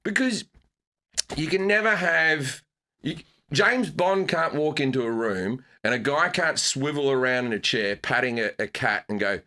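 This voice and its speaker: A middle-aged man with a bright, forceful Australian voice, spinning stories in a relaxed interview chat. He is animated and keeps leaping into high, squeaky bursts to land the jokes. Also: unhurried. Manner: animated, jumps into bursts of high pitch for comic emphasis. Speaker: comedian guest. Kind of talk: casual storytelling chat.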